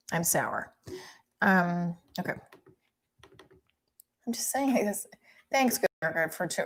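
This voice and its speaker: A woman comedian hosting a casual live stream who rambles, swears freely and mocks herself. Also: fairly low pitch. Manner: rambling, profane, self-deprecating.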